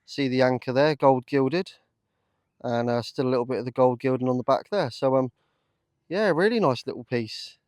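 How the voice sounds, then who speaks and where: Excitable man, dry outdoor mic. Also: mid-range voice, normal speed, no echo. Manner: chatty, excitable, lots of fillers. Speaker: metal detecting vlogger. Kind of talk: casual commentary to camera. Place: open field outdoors.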